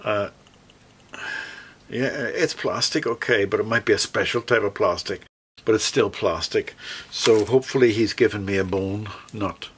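A Northern Irish luthier talks through a guitar setup as he works, thinking aloud and correcting himself as he goes. His voice sits somewhat low. A faint hiss and small clicks run behind his speech. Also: moderate pace, a bit bright. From Northern Ireland. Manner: thinks aloud while working, self-correcting. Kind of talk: workshop tutorial, talking through repairs.

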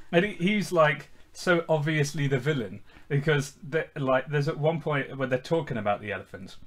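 A man's voice: a little high, expressive, normal speed. Young man, agreeable podcast co-host. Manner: agreeable, chuckling, frequent "yeah" backchannels. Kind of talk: casual chat.

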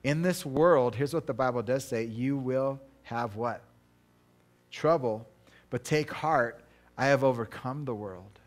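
A middle-aged man preaching in a relaxed, conversational way, mid-pitched and chatty. He stumbles into restarts and self-deprecating asides as he talks. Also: unhurried. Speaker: pastor. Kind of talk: casual conversational sermon.

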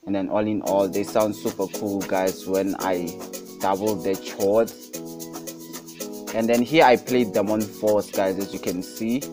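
A fairly low-voiced young man talks through a beat-making tutorial in an upbeat, hyped way, calling everything super hot. Quiet music plays behind his voice. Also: steady tone, unhurried. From South Africa. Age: young adult. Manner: repeats "guys" and "super hot" constantly, upbeat hype. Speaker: music production tutorial host. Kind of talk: casual screen-recorded tutorial. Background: beat playing underneath.

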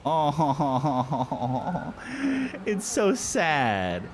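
Excitable young man narrating gameplay. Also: on the high side, unhurried, slight background noise. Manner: excitable, swears, frequent exclamations. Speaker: gameplay commentator. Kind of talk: excited let's-play commentary.

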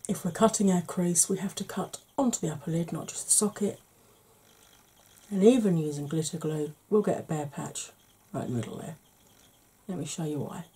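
A woman hosting a soft-spoken makeup tutorial, chatty and explaining each step, tired and yawning. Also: on the low side, moderate pace, husky.

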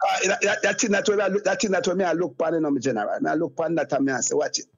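A man's voice: fairly high pitch, steady tone, rapid-fire, breathy edge. A Jamaican man talking as an interview guest in casual patois, rambling and repeating phrases like "you get me, I say". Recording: dull lo-fi sound.

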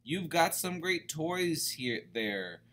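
A man's voice: a little high, sing-song, slow pace, fairly bright tone, voice pushed up, heavily acted. A man voicing a kind male wiener dog in a picture-book reading, friendly and pleading. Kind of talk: picture book read-aloud.

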